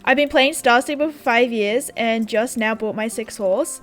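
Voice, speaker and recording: Chatty sarcastic Australian woman, slightly high. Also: moderate pace, a bit bright. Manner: sarcastic, chatty, laughs often. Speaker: gaming YouTuber. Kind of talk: casual chat while playing a game. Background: faint background music.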